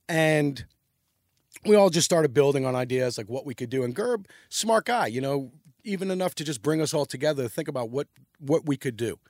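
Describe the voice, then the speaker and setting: A middle-aged New Yorker appears as a podcast guest, spinning animated, rambling, profane stories in a casual chat. His voice sits fairly high and moves a little fast, captured in clean studio quality with no echo.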